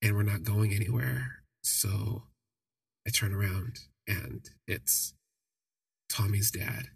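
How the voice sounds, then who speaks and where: Gravelly, husky man telling his own story. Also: fairly low pitch, steady tone, dry recording. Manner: halting, reflective, with restarts. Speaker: podcast storyteller. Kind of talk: personal storytelling.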